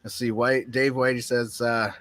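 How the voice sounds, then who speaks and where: A man's voice: medium pitch, level tone, normal speed, fairly bright tone, dry recording. A man co-hosting a casual movie review chat, who laughs often and acts out lines from the film. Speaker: co-host of a movie review show.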